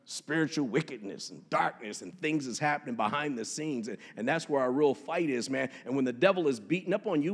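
A man's voice: mid-range voice, lively intonation, a little fast, few pauses, husky, in a large hall. A man preaching a sermon as pastor, punchy and joking, with street slang. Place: church sanctuary.

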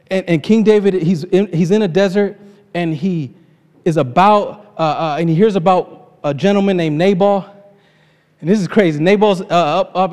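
A man's voice: sits high, darkish tone. A man preaching an informal sermon, retelling a scripture story in his own casual words, with frequent laughs. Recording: long reverb of a large hall.

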